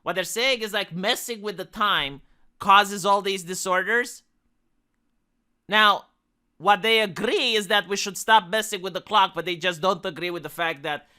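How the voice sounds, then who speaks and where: A man's voice: a little high, bright, forceful tone, smooth. A man from Romania with a Romanian accent, giving exasperated reaction commentary as a streamer, swearing and repeating himself for emphasis into a desk microphone.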